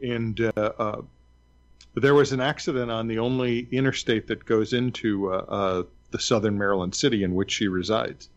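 A man's voice: on the low side, fairly even intonation, normal speed, highs cut off. A man telling a story in casual chat, hesitant with fillers and wry.

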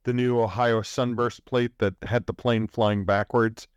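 A man's voice: medium pitch, level tone, a little slow, clean tone, no room sound, dull audio. Hesitant man chatting on a podcast. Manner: hesitant, many fillers, jokey. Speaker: podcast co-host. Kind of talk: casual chat.

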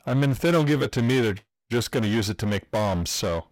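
A man's voice: medium pitch, lively intonation, quick pace, darkish tone, no echo, studio quality. A man in his forties joking around in casual banter as a co-host, slipping into silly voices. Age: 40s.

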